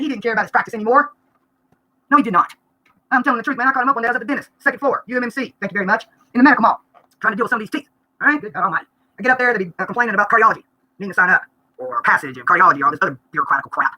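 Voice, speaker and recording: A woman, venting bluntly and rapidly during a live-stream vlog, breaking into laughter now and then. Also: fairly high pitch, sharp tone. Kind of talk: rambling live-stream rant.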